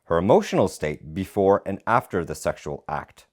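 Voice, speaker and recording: Animated low-voiced man arguing law. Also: normal speed. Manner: animated, swears a lot, insistent. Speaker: podcast co-host, lawyer. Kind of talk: heated legal debate, reading a ruling aloud.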